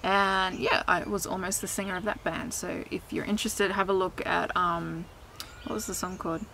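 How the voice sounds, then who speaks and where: A woman's voice: lowish voice, steady tone, normal speed, vocal fry, pushed and bright, slight background noise, rough recording. A young woman chatting candidly to camera outdoors in a vlog, laughing often and swearing casually. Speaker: vlogger and singer. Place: outdoors in sunshine.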